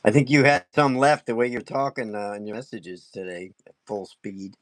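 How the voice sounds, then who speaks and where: A man teaching wood carving on a casual live stream, talking fast and excitably and laughing often. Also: on the low side, no room sound.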